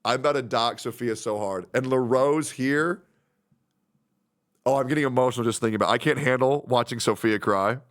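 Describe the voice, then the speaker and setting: A man's voice: mid-range voice, a little fast, fairly bright tone. A man streaming live who rambles, swears freely and gets openly emotional while reading out messages from friends. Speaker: livestreamer. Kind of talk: casual stream chat.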